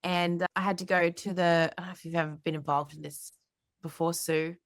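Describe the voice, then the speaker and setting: A woman's voice: on the low side, brisk, dry recording, studio quality. Chatty woman host. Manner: chatty, animated, many fillers. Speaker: podcast host. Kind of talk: casual storytelling chat.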